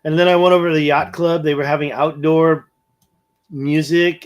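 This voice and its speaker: A man's voice: on the high side, steady tone, normal speed. A man hosting a casual livestream, thinking aloud as he pans over a map and reads viewer comments. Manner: rambling, thinking aloud, reading viewer chat. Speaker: livestream host.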